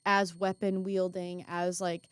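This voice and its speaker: A young woman co-hosting a casual podcast chat, eager and quick to laugh, with many fillers. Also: lowish voice, flat delivery, clear, resonant tone, dry recording. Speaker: co-host.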